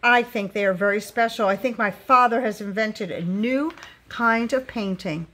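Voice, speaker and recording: A woman's voice: medium pitch, normal speed, natural voice. Earnest little boy, read by a woman. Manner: quiet, earnest, sometimes whispering. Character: young boy, curious and earnest.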